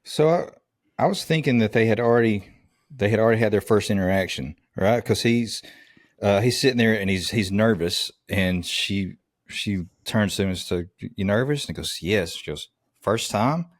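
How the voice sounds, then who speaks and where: A man chats on a podcast in a relaxed way, thinking aloud as he goes. His voice is on the low side. The sound is dry and close. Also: moderate pace, dry recording. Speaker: podcast co-host. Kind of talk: casual chat.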